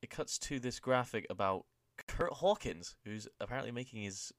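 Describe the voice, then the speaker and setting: A young man co-hosting a casual podcast, joking around and quoting people in loud put-on voices. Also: mid-range voice, animated, moderate pace, no echo, studio quality. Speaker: podcast co-host.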